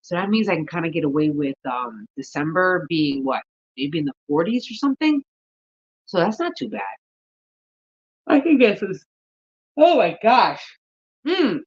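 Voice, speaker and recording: A woman's voice: fairly low pitch, big pitch swings, normal speed, husky, muffled recording. A woman vlogging about gardening in a casual, rambling chat, thinking aloud and yawning often. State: sleepy, yawning.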